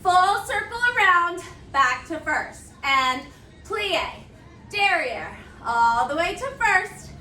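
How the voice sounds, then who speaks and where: High-voiced woman cueing a barre workout. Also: big pitch swings, slow, pushed and bright, recorded from a distance, slight background noise. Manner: upbeat cueing, counting down, chatty asides. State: slightly out of breath. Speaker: barre fitness instructor. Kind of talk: counting through a live workout class. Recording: roomy sound from away from the mic.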